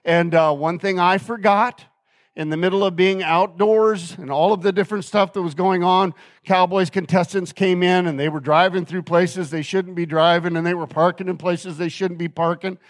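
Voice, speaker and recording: A male pastor delivering a sermon in an earnest, conversational way, often turning to the congregation with quick questions. His voice sits high for a man. The sound is dry and close, with little room around it. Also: steady tone, dry recording. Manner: earnest, conversational preaching with frequent "right?" asides.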